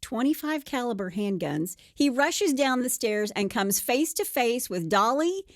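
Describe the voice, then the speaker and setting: A woman's voice: fairly high pitch, lively intonation, unhurried, no echo, studio quality. A woman co-hosting a podcast, telling a true crime story casually and acting out the quotes with playful voices.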